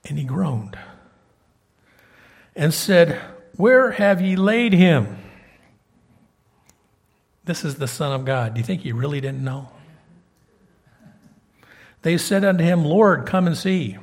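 A man preaching a sermon and reading scripture aloud, conversational and emphatic, swinging between loud and soft. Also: fairly high pitch, slow, creaky, long pauses, slightly rough.

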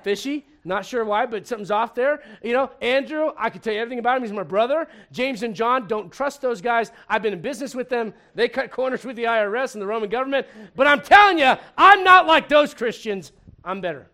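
A man's voice: extremely high pitch, quick pace, few pauses, fairly bright tone. A man voicing an eager, boastful male disciple who rambles on about himself and runs down the others. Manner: rambling, self-promoting, breathless.

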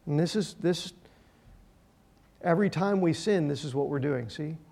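A man preaching a sermon, emphatic, with his voice swelling loud and then dropping quiet. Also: on the high side, normal speed, creaky. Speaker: pastor.

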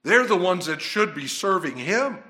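Man preaching a sermon, bright voice, super lively ups and downs, dramatic. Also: sits high, moderate pace. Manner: emphatic, dramatic swings between soft and loud.

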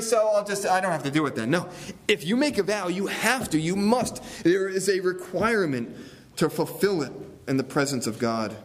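Lively high-pitched preaching pastor. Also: male voice. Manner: expository preaching with rhetorical questions, repeating key phrases. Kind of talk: sermon.

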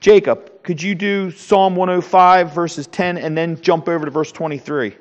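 Bible teacher, man, high-voiced, emphatic; lo-fi, echo-heavy church recording. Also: steady tone, moderate pace. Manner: emphatic, repeats words while finding phrasing. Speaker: Sunday school teacher. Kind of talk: Bible lesson. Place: church classroom. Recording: dull, reverberant hall recording.

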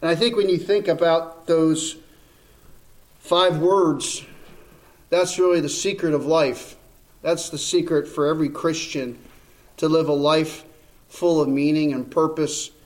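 A man preaching a sermon as a pastor, earnest and emphatic, slowing down and repeating key phrases. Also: fairly high pitch, poor audio.

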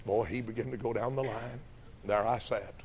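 A man's voice: mid-range voice, steady tone, normal speed, slight background noise. Fervent preacher telling his story. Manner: emphatic, repetitive, rising to fervent peaks. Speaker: song leader and preacher giving testimony. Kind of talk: sermon testimony storytelling.

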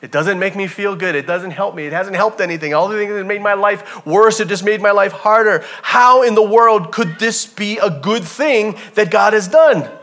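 A man preaching a sermon as pastor, telling stories with animated energy and addressing the congregation as family. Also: high-pitched, moderate pace, hardly any pauses.

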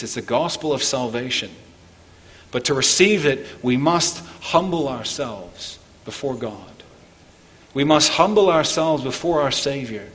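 A man preaching a Christmas sermon as pastor, earnest, climbing for emphasis and falling low and quiet on key points. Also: long reverb tail. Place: church.

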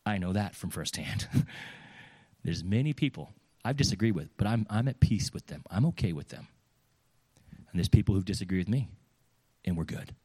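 A man preaching a sermon, lively and conversational, acting out the voices of the people in his examples. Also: fairly low pitch, moderate pace, long pauses, breathy edge. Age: adult with children. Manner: animated, acts out quoted voices.

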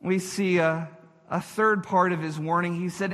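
Slow, bright-voiced man preaching. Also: sits high, fairly even intonation. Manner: earnest, repeats phrases for emphasis, addresses listeners directly. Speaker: pastor. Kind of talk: sermon. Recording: echoey hall reverb.

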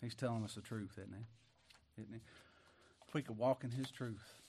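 Preacher guy, folksy, goes loud then real quiet. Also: medium pitch, steady tone, normal speed, slight background noise. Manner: folksy, swings between loud exclamations and quiet murmurs. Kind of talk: sermon.

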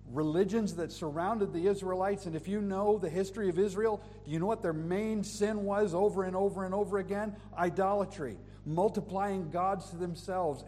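A male pastor preaching a sermon, who moves between loud emphatic scripture reading and soft intimate prayer. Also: high voice, in a large hall, a little hiss or hum. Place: church sanctuary.

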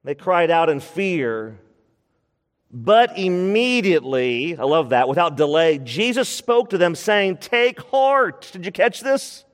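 A male pastor preaching a sermon, expressive, slowing down to stress words and acting out scripture quotes. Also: a little high, in a large hall.

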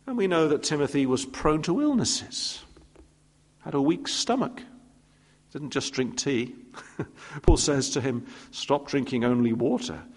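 A man's voice: fairly high pitch, expressive, a little slow, pauses often. A man preaching a sermon, telling stories with playful asides and acting out quoted voices. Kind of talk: expository sermon. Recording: long reverb of a church hall.

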